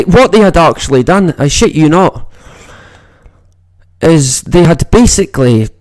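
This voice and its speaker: A man's voice: on the high side, darkish tone, dry recording. A man with a Scottish accent from the northeast of Scotland, hosting a casual livestream chat and rambling with constant swearing. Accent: Scottish, northeast Moray. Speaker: livestream host.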